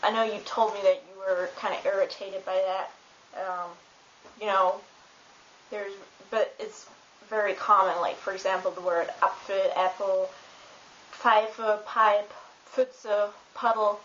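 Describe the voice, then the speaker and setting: A woman who speaks German natively, giving a casual spoken pronunciation lesson, relaxed and hesitant with many ums and uhs. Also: medium pitch, measured pace. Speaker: German tutor. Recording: roomy, dull home recording with hiss.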